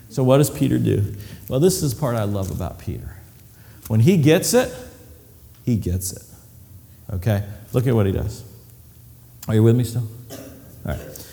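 A male preacher giving a sermon, telling the story with animated delivery and acting out scenes. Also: medium pitch, moderate pace, creaky, long pauses. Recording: long hall reverb.

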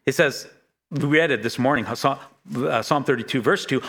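Middle-aged man, pastor preaching; earnest, stop-start delivery with frequent restarts, mid-pitched voice. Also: a bit bright. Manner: earnest, halting, many restarts and stammers. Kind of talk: sermon.

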